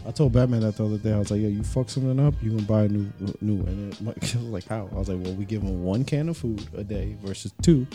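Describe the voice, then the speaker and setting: A man's voice: lowish voice, fast talker, few pauses, dark tone, faint music behind. A man hosting a podcast, joking loosely and laughing often. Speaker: podcast host. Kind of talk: casual podcast banter.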